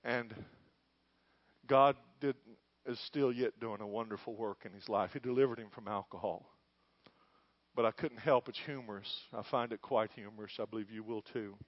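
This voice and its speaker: Preacher telling a story. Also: male voice, medium pitch, no room sound. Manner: storytelling, building to fervent shouting. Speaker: pastor. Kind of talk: sermon. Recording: dull dry lo-fi.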